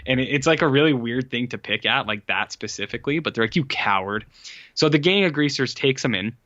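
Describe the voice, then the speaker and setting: A podcast co-host casually recaps a movie, rambling and filling his storytelling with likes and uhs. His mid-range voice is expressive, fast, and a bit bright. The audio has no echo, but the highs are cut off.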